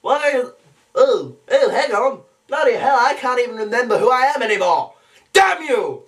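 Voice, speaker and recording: A man's voice: extremely high pitch, big pitch swings, moderate pace, a bit bright, voice pushed up, exaggerated voice. A man doing Stewie Griffin, a pompous baby. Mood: ranting. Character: haughty scheming baby boy, British-voiced. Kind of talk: improvised one-take impressions. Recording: distant home mic.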